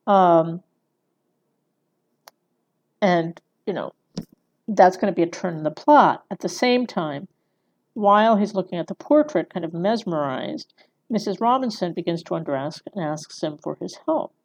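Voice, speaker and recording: A woman's voice: on the low side, lively intonation, measured pace, long pauses, highs cut off. A woman giving a conversational screenwriting lecture, often checking in with her listeners by asking "right?". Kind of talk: recorded lecture.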